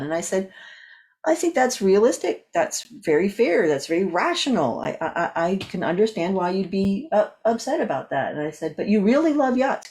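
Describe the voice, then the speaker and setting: Lively woman telling a story. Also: mid-range voice, moderate pace. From California. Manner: lively storyteller, acts out quoted dialogue. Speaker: guest speaker and coach. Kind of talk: animated storytelling in conversation.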